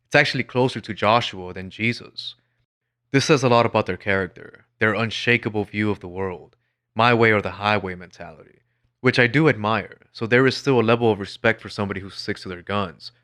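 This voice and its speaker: A man tells his own story in a scripted, measured narration, wry and blunt with a sardonic edge. His voice sits a little low but has a bright, forward tone.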